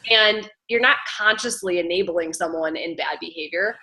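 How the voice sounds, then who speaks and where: A woman hosting a casual coaching chat, talking in an animated way and acting out little quotes. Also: fairly low pitch, moderate pace, rough recording. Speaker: host.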